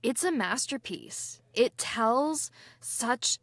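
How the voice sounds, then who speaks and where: A woman from the cast chatting casually about a production, offering praise with plenty of fillers, restarts and soft laughs. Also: fairly high pitch, lively intonation, drawn-out words, no echo. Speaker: cast member. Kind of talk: casual behind-the-scenes discussion.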